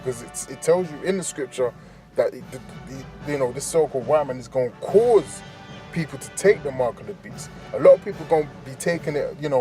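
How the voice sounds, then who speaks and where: A man's voice: mid-range voice, warm tone. A man preaching in a casual, street-style way, tagging "man, right?" onto nearly every phrase. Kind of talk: preaching commentary over a news clip.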